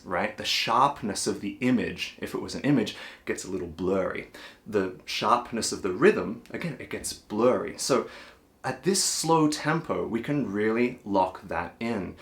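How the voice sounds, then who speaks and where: Man, cajon teacher, patient and encouraging, counts beats aloud, mid-pitched voice. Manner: patient, reassuring, counts and sings rhythms aloud. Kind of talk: relaxed, encouraging music lesson.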